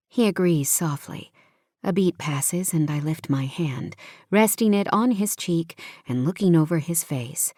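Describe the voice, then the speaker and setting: A woman narrating a first-person romance audiobook with an intimate, expressive reading. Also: low-pitched, measured pace, dry recording, studio quality.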